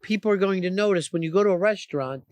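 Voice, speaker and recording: A man's voice: sits high, quick pace, dry recording. A male radio host talking blunt, profane banter in a studio, mocking his co-host. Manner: blunt, mocking, acts out quotes loudly.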